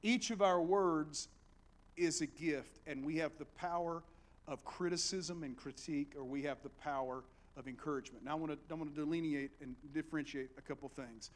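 Appalachian preacher with a higher voice. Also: male voice, a little fast. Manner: animated, with big swings between hushed storytelling and loud exhortation. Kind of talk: sermon.

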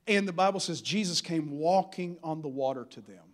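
A man's voice: fairly high pitch, a little fast. A man preaching a sermon as a pastor, in a folksy, humorous style with building fervor.

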